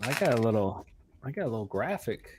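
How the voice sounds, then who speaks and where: A man co-hosts a live stream in a loose, animated way. He laughs easily and reads viewer comments aloud as he goes. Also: mid-range voice, fast talker, slight background noise. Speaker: co-host of a live show. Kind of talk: casual live-stream chat.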